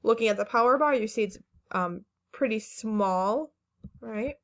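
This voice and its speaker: A woman teaching a phonics lesson to children, speaking slowly and carefully, stretching each word and encouraging the class. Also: on the high side, fairly bright tone. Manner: slow, careful word-by-word enunciation; patient and encouraging, with fillers.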